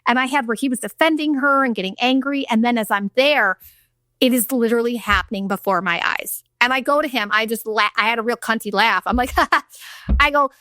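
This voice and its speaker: Bright, forceful and a touch fast, this podcast host's high-ish voice carries a blunt personal story packed with swearing and performed quotes. She's a woman in her thirties hosting her own show, recorded in studio quality with no room sound.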